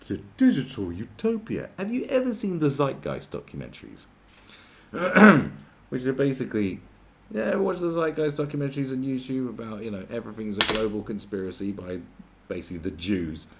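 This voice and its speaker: Animated, profane man ranting. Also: medium pitch, slight background noise. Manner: profane, sarcastic, exasperated. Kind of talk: ranting commentary.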